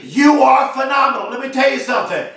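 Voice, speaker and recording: A man giving a fiery, repetitive motivational speech, often shouting. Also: extremely high pitch, expressive, fast, heavy reverb, distant mic, noisy background. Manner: fiery, emphatic preaching cadence with repetition. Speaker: motivational speaker.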